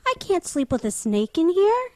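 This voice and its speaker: Woman playing a young female counselor, high voice, lively and shrill, dry close mic. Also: slow, no echo, full character voice. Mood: frightened. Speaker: guest voice actor.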